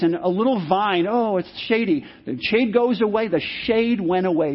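Guy pastor preaching, says stuff twice for emphasis, kinda breathy voice, muffled old recording. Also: sits high, measured pace, hardly any pauses. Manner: emphatic, repeats key phrases. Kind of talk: sermon. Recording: dull lo-fi sermon recording.

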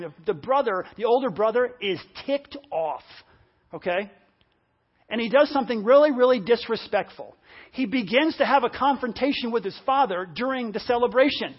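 A man preaching a sermon, animated, acting out the lines of the story's characters. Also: very high voice, normal speed, breathy edge. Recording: dull lo-fi audio.

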